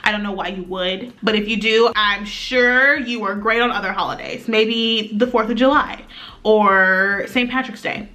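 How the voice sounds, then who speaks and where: A young woman chatting through a get-ready-with-me storytime, rambling, animated and playful. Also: medium pitch, a little slow. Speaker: beauty vlogger.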